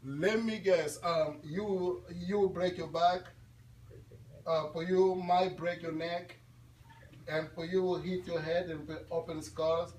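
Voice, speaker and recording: A man in his twenties giving an animated, laughing talk to students at a school, quizzing his audience. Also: on the high side, takes it slowly, slight background noise. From Congo. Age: 20s. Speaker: guest speaker at a school. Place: classroom or school hall. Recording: echoey room audio from far off.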